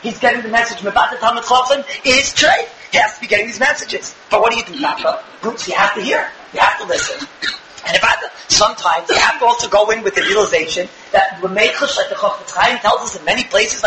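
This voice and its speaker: A religious teacher gives a Torah lecture in a high-pitched male voice, moving at a brisk clip. He speaks emphatically, drives points home with rhetorical questions, and acts out dialogues, while the recording sounds echoey with constant background noise.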